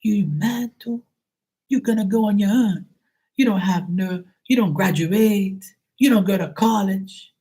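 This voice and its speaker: A man's voice: high voice, measured pace, mellow, pitched above the performer's own voice. A man voicing his 80-year-old father as an exasperated, disbelieving parent who berates his son. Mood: berating.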